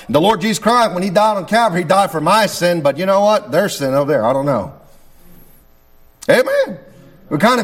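High-voiced preacher with repeated amens. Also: male voice. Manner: preacher's cadence with repeated "Lord God" and "amen". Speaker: pastor. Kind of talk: sermon and prayer.

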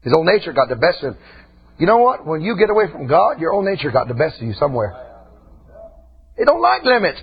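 A man preaching an impassioned sermon in a church, often breaking into shouts. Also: fairly high pitch, big pitch swings, fast talker, long pauses, husky. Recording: dull lo-fi recording.

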